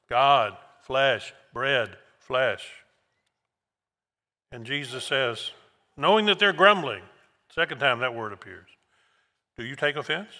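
A man preaching a sermon verse by verse, slow and emphatic, repeating key words for weight. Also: medium pitch, sharp tone. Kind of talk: expository sermon. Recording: long hall reverb.

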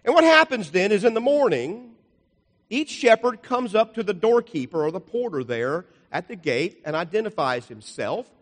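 A man's voice: sits high, sing-song, moderate pace. Older man preaching in an echoing hall. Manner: folksy and rambling, with jokes and asides. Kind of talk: sermon with slide illustrations. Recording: long hall reverb.

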